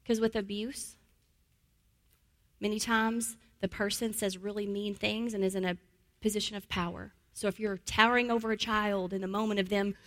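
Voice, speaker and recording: A woman teaches trauma-informed care in a middle-pitched voice. She repeats key phrases for emphasis and often lowers into a calm, gentle tone to show how to soothe a child. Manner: drops to a calm, soft voice to model soothing words. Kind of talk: teaching talk.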